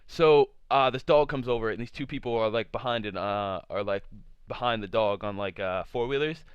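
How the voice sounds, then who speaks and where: A young man tells a story to camera in a loose, rambling way, packing his sentences with fillers and curse words. His voice is smooth and clean in a dry, close sound, though the recording itself is a bit dull and lo-fi. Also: fairly low pitch, normal speed, dry recording. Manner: rambling, full of "like" fillers, profane. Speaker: vlogger. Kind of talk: casual storytime.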